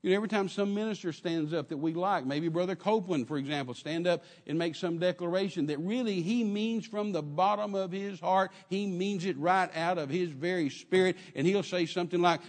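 A man preaching a sermon in an animated way, acting out quotes and dropping at times to a soft murmur. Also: high voice, a little fast, in a large hall. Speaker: pastor.

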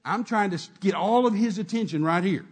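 Husky high-voiced preacher telling a story. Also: male voice, fairly quick. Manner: emphatic, repetitive storytelling with many restarts. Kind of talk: sermon testimony storytelling.

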